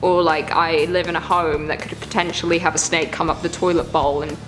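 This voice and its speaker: A woman's voice: low voice, level tone, a little fast. Squeamish woman reacting over music. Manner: squeamish, groaning and exclaiming in disgust. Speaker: reaction video host. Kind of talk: casual reaction commentary.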